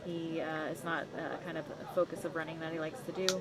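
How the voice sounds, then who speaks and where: A woman's voice: low-pitched, monotone, fast, poor audio. A woman commentating on a race livestream outdoors, talking in a rambling way with many fillers. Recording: loud crowd behind.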